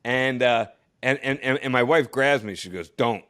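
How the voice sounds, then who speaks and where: A man in casual podcast chat, telling a long story with halting restarts and frequent laughter, acting out the other people he quotes. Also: medium pitch, clear, resonant tone. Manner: animated storyteller who acts out quotes, laughs often; halting, with many restarts and fillers. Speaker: podcast co-host, former astronaut.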